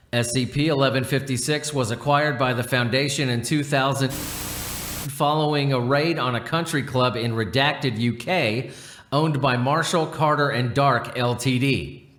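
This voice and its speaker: A man narrating a horror story as a measured, deliberate reading. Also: mid-range voice, fairly bright tone. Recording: roomy echo.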